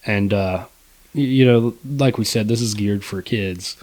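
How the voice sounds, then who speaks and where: A man's voice: lowish voice, a little slow, a little mellow. A young man co-hosting a casual movie review podcast, laid-back and rambling, with lots of fillers and swearing. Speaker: podcast co-host.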